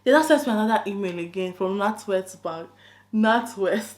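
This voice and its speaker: A woman YouTuber telling a story in casual vlog chat, animated and incredulous, with bursts of emphasis. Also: medium pitch, a little fast.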